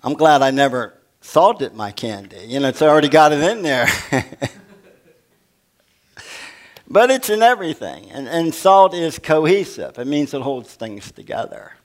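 A man's voice: fairly high pitch, sing-song, unhurried. An older man preaching a sermon as pastor, folksy and humorous, asking the congregation questions.

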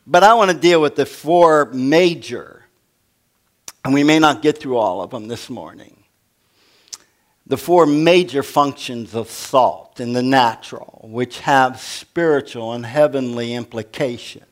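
A man's voice: medium pitch, a little slow. An older man preaching a sermon as pastor, folksy and humorous, asking the congregation questions.

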